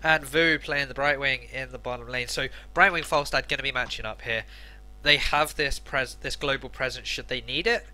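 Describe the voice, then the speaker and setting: A man co-casts a live esports match and breaks down the strategy as play unfolds. His voice is very bright and sharp, sitting at a middle pitch. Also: steady tone, moderate pace. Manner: analytical color commentary. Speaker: esports co-caster. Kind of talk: live game commentary.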